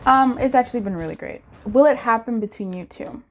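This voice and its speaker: A woman's voice: a little high, fairly quick. A woman doing a casual pick-a-card tarot reading, playful and slangy, with frequent laughter.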